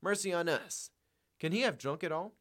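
A man voicing a frantic, feverish woman who screams accusations at her husband in a shrill, frenzied way. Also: moderate pace, fairly bright tone, close to an everyday voice.

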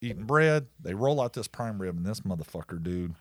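A man's voice: fairly low pitch, expressive, a little fast, no room sound, clean studio sound. A man co-hosting a podcast, telling a long story in casual chat, swearing often and laughing mid-sentence. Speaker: podcast co-host.

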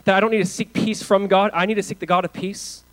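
A pastor delivering a sermon, moving from hushed, earnest lines to loud emphatic ones, with casual asides and fillers. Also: male voice, high-pitched, little pitch movement, fast talker, low-quality recording.

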